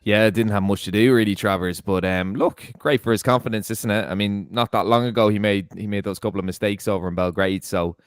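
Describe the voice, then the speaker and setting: A man co-hosts a football chat podcast. His voice is very low and smooth, and it sounds dry and close. He talks easily and often restarts his sentences. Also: fairly even intonation, fairly quick, few pauses, no echo. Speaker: podcast co-host.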